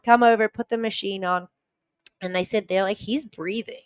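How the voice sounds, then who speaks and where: A woman from New Zealand, a podcast guest, earnestly retelling a personal story with quick restarts. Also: medium pitch, fairly even intonation, smooth.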